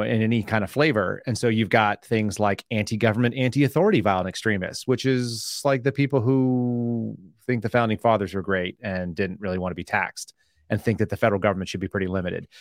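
Fast-talking man telling stories. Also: fairly low pitch, dry recording, studio quality. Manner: animated storyteller, acts out quoted exchanges. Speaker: podcast guest, former FBI agent. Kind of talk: casual podcast conversation.

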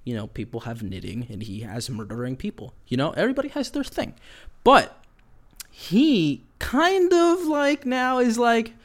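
A man's voice: high-pitched, big pitch swings, normal speed. A man recapping a horror series in a casual, profane chat, with lots of fillers and acted-out quotes. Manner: loose and profane, lots of "like" and "you know"; acts out quoted characters while retelling. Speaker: pop culture commentator.

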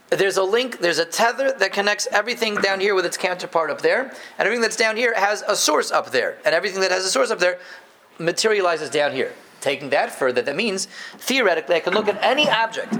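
Animated man teaching a Torah class. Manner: animated, emphatic, jumps between loud stresses and low asides; playful, jokes with the class. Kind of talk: live Torah class to a group.

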